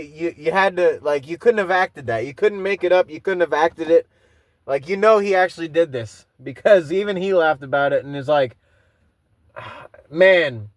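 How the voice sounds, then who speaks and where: A man's voice: sits high, no echo. A man hosting a podcast, telling rambling, profane stories in a casual monologue full of restarts. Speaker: podcast host.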